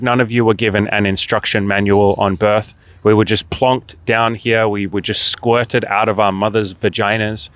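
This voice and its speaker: A man's voice: on the low side, a bit bright, clean tone, no echo. A man speaking as a dating and life coach in a direct-to-camera motivational monologue, blunt and emphatic, swearing freely and firing off rhetorical questions.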